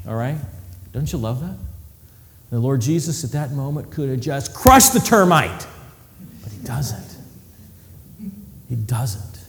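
A male preacher giving a sermon, telling the story with animated delivery and acting out scenes. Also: mid-range voice, slow, long pauses, slight background noise. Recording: long hall reverb.

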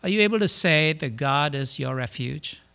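A man preaching a sermon, repeating key words, asking his listeners questions and rising to loud, emphatic declarations before dropping low again. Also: lively intonation, moderate pace, creaky, clean tone.

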